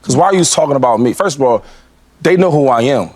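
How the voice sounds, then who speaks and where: A man's voice: mid-range voice, lively intonation, quick pace, darkish tone. A man on a sports debate show giving an emphatic opinion, repeating himself and addressing the listener directly.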